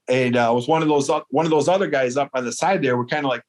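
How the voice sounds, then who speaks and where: A man from Michigan, telling a hunting story in casual chat, acting out the dialogue with lively quotes. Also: medium pitch, fast, few pauses. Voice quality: hard of hearing in one ear. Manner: animated, quotes dialogue in raised voice. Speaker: guest storyteller.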